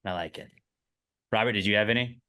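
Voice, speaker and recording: A man in his thirties co-hosting a podcast, rambling casually, swearing, and speeding up in animated bursts. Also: fairly low pitch, fairly quick. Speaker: podcast co-host. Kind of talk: casual chat.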